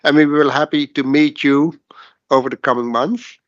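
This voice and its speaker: A man's voice: fairly high pitch, fairly even intonation, moderate pace, no echo, lo-fi sound. A man chairing a workshop, making polite formal remarks in slightly broken phrasing. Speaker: session chair.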